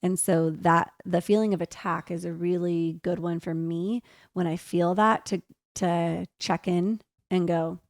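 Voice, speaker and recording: A woman's voice: on the low side, fairly even intonation, unhurried, no room sound, clean studio sound. A woman co-hosting a podcast, speaking candidly and reflectively about her own habits in casual chat. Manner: candid, self-reflective, quotes herself. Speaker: podcast co-host.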